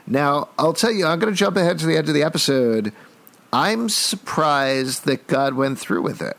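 A man's voice: medium pitch, animated, moderate pace, creaky, fairly bright tone. Wry, jokey male podcast host. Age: middle-aged. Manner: wry, jokey storyteller with frequent restarts. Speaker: podcast co-host recapping a TV episode. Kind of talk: casual chat.

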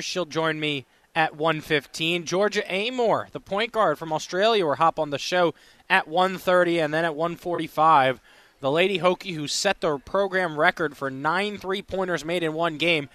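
Bright, high-voiced male radio host. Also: clear, resonant tone, no echo. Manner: upbeat, chatty, repeats phone numbers. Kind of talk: live sports radio talk. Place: radio row at a sports event.

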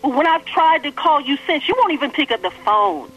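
A woman with a high, bright voice talks on a radio call-in show. She pleads earnestly and apologizes in a rush of words. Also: very animated, brisk, highs cut off. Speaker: caller.

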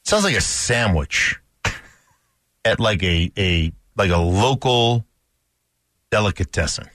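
A man's voice: fairly low pitch, lively intonation, slow pace, fairly bright tone, dry recording. A man co-hosting a sports radio show, goofy and playful, laughing his way through casual banter on a studio microphone.

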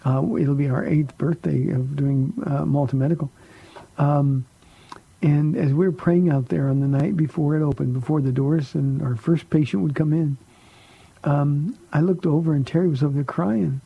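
A man's voice: fairly high pitch, fairly even intonation, moderate pace, gravelly, breathy edge, dry recording, highs cut off. A middle-aged man, a pastor hosting a call-in radio show, answering Bible questions and telling stories with many fillers and restarts.

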